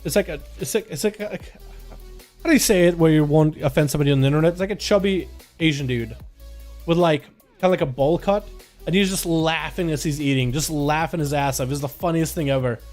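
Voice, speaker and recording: A man with a fairly high voice streams live, calling plays and chatting with his viewers. He talks in a loose, slangy way, calling people dude and man. Faint music plays behind him. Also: brisk, darkish tone. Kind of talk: live game commentary and casual chat with viewers.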